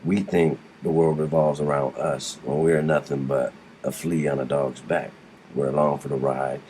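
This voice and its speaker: A middle-aged man with an extremely low, rumbling voice tells his story casually, circling back with restarts and the odd curse. A faint hiss of background noise sits under the recording. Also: level tone, normal speed, a little mellow. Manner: rambling, with frequent restarts and blunt swearing. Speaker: guest describing alien abduction.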